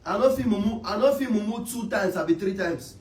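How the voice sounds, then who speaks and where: High-pitched husky Nigerian man ranting. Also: lively intonation, a little fast, darkish tone, low-quality recording. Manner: repetitive, scolding, exasperated. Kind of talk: heated online rant.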